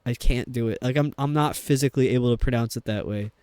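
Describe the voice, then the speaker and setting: A man's voice: mid-range voice, fast talker, a little mellow, clear, resonant tone, no echo. A man from New York with a New York accent, chatting and rambling casually while streaming a game. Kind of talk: casual chat while gaming.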